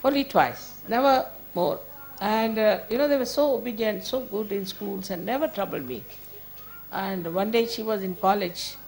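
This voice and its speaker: A woman's voice: mid-range voice, moderate pace, a little mellow. A woman giving an informal spiritual talk as a teacher, conversational and firm, chiding at times and often laughing.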